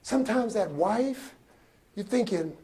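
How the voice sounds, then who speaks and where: Man, motivational speaker, high voice, preacherly, call-and-response, builds to shouting. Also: lively intonation, measured pace. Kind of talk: motivational speech.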